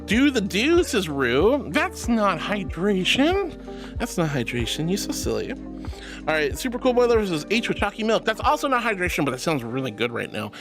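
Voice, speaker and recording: Very animated and brisk, this young VTuber's fairly low-pitched voice rides over background music. She's bubbly and affectionate in her casual stream chat, reading messages and calling viewers "sweetie."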